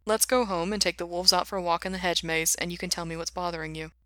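A gentle, steady young man who speaks soothingly to a worried friend, as a woman reading the story voices him. His voice is low and bright. The sound is dry. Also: fast talker, dry recording, close to an everyday voice.

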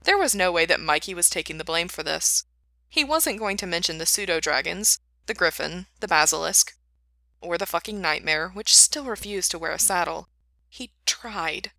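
A woman narrating a story in an even, steady reading voice. Her tone is bright and forward, with a slightly low pitch. The recording is dry and close. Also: moderate pace, vocal fry, dry recording.

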